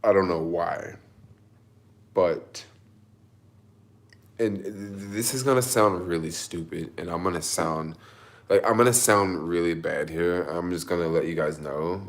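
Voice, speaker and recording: A man's voice: deep voice, unhurried, pauses often. A young man vlogging, emotional and close to tears, telling a rambling story full of fillers and restarts about his delivery shift. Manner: rambling, self-conscious, lots of fillers. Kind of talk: casual storytelling vlog.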